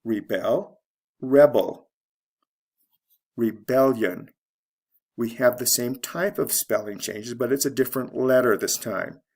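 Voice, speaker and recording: A man teaching English pronunciation, saying words slowly and deliberately and repeating them for practice. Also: mid-range voice, creaky. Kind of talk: pronunciation lesson.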